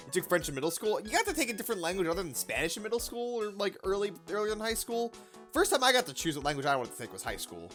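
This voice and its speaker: A woman's voice: medium pitch, sing-song, rapid-fire, a bit bright, faint music behind. A young adult woman chatting casually while streaming a game, rambling and reading game lines aloud. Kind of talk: casual let's-play commentary.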